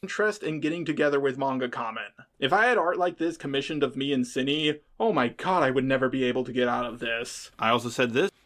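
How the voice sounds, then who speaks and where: A man's voice: mid-range voice, quick pace, hardly any pauses, a bit bright. Youtuber guy explaining himself, kinda defensive, matter-of-fact, normal mid voice. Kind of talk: scripted video narration.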